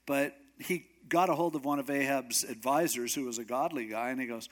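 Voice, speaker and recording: A man's voice: medium pitch, a little fast. A male pastor giving a sermon, telling a story in a casual, joking way.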